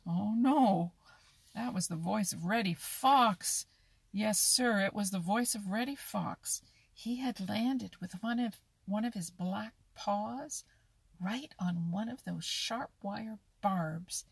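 A woman reading a children's animal story aloud, slowly and expressively. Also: mid-range voice, vocal fry, breathy edge, no echo. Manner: expressive, slow, lively storytelling. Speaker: narrator.

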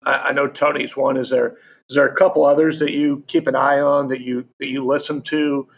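A man's voice: medium pitch, flat delivery, brisk, creaky, slight background noise. A man hosting a podcast interview, talking earnestly and casually and asking his guest questions. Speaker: podcast host.

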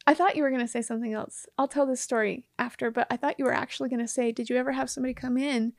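A woman co-hosting a casual chat, telling an animated story, acting out the dialogue and often breaking into laughter. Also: sits high, rapid-fire, creaky, no echo, clean studio sound. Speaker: podcast co-host.

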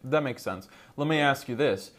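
A man co-hosting a podcast in a casual chat, hedging with "like" and trading quick jokes. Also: mid-range voice, a bit bright. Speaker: podcast co-host.

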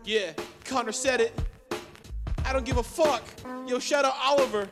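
Brash high-voiced woman over loud hip hop. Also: normal speed. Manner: brash, swears, hypes people up. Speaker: podcast host. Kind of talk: hyped casual shout-outs. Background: loud hip hop music.

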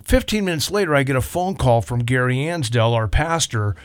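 A man who is a pastor, chatting casually and telling a story with lively acted-out quotes, on a close mic. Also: mid-range voice, brisk, clean tone, dry recording. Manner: animated storyteller, acts out quotes. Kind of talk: casual chat.

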